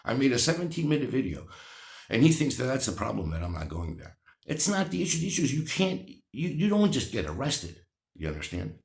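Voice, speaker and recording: A man rants sarcastically at his viewers, laughing and restarting his sentences as he goes. His voice swings up and down a lot and has a gravelly edge. The room gives it a noticeable echo. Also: medium pitch. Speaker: vlogger answering viewer comments. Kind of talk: casual ranting commentary.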